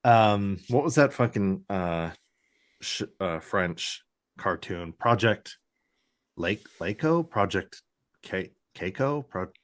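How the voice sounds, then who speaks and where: A slow-talking man with a lowish, lively voice co-hosts a podcast, recapping a TV episode in casual chat. He rambles, leans heavily on "like," swears freely, and puts on mock voices for the characters.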